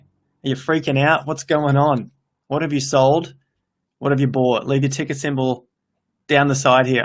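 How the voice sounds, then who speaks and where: Streaming live for his cryptocurrency channel, a thirty-something Australian YouTuber reads viewer comments aloud in an upbeat, chatty way, frequently restarting his sentences as he thinks. He speaks at a medium pitch from a home room with a laptop setup.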